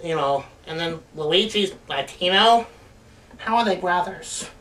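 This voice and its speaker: A man's voice: high-pitched, lively intonation, unhurried, fairly bright tone. A man co-hosting a casual movie chat, joking and rambling. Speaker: co-host. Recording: distant mic with faint noise.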